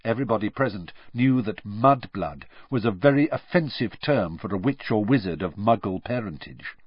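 A man reading fiction aloud as an audiobook narrator, measured but expressive. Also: on the low side, slightly rough, dry recording. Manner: measured storytelling with lively swings. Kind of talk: scripted narration. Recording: dull dry lo-fi recording.

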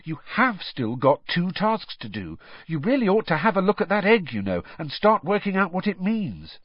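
Brisk, bossy teenage schoolgirl in a storybook reading, voiced by a man, husky, dry and slightly muffled. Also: high-pitched, big pitch swings, no room sound, pitched above the performer's own voice, heavily acted.

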